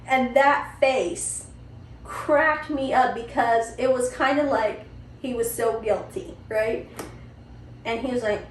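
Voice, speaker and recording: A woman podcast host telling a family story in a chatty, animated way, with frequent asides to the listener. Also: high-pitched, a little hiss or hum. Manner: chatty, animated, lots of "you know" and "right?". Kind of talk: casual storytelling. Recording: roomy, distant mic, faint ambience.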